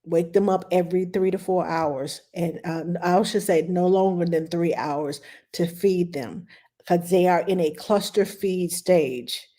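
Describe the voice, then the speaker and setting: A middle-aged woman talks parents through baby care in a casual, lively way. She is expressive and animated, and at times she drops into a low, soothing voice. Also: measured pace. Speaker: nanny giving baby-care advice. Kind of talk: casual advice talk.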